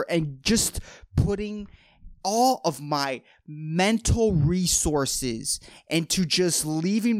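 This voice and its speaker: A man's voice: on the high side, smooth, no room sound, clean studio sound. A tired man hosting a podcast, ranting with lots of swearing in an exasperated, rambling way. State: tired late at night. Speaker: podcast host. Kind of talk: profane comedic rant.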